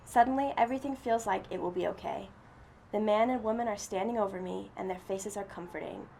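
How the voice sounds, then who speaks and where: Female story reader, earnest and steady, gravelly tone. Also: medium pitch, fairly quick, slight background noise. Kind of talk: first-person story reading.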